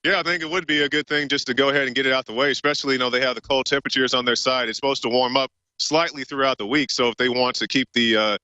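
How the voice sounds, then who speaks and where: A man's voice: mid-range voice, steady tone, very fast, hardly any pauses, sharp tone, no room sound. A man giving a live field report to a radio host, talking casually with frequent fillers. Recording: dull lo-fi remote line.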